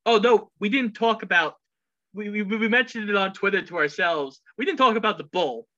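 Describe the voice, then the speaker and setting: A podcast co-host talking quickly about movies. The voice is bright and forceful and often quotes film lines. The recording is dull and lo-fi. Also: mid-range voice. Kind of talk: casual chat. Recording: dull lo-fi sound.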